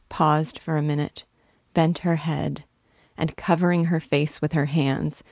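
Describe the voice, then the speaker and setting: Woman reading a classic novel, low voice, gravelly, slow and measured, dry close sound. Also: a little mellow, no echo. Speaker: reader. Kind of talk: literary reading.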